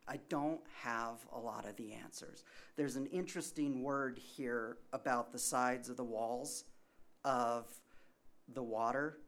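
Male pastor, mid-pitched voice, chatty sermon delivery, rhetorical questions, soft asides that turn emphatic. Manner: conversational, asks rhetorical questions.

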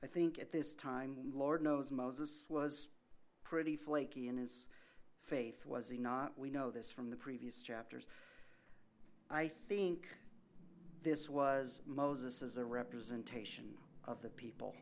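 Male preacher, sermon, conversational, rhetorical questions, shifts between quiet and loud. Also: mid-range voice, fairly even intonation, slow, a little hiss or hum. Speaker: pastor.

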